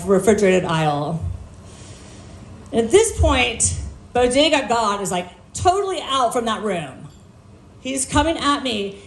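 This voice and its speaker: A woman's voice: on the high side, slight background noise. A woman doing a stand-up set on a bar stage, telling stories in a brash, profane, self-mocking way. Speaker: stand-up comedian. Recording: echoey live room.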